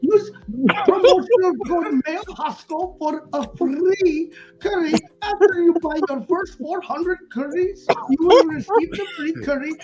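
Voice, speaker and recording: A man's voice: extremely high pitch, dull audio, pitched above the performer's own voice. A man putting on the voice of a pushy phone scam salesman, in a joking live stream chat. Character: mock call-centre scammer man, pushy salesman.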